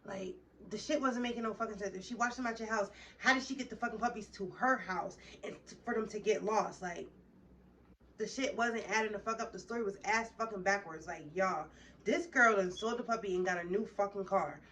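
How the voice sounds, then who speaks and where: A woman's voice: medium pitch, brisk, fairly bright tone, distant mic, a little hiss or hum. A woman vlogger telling a heated, profane story straight to her viewers in a casual storytime.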